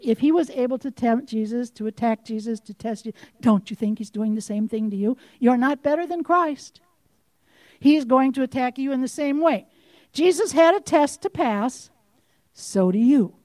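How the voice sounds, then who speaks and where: A woman preaching a sermon, impassioned and direct, firing questions at her listeners and rising to forceful outbursts. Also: high voice, no echo.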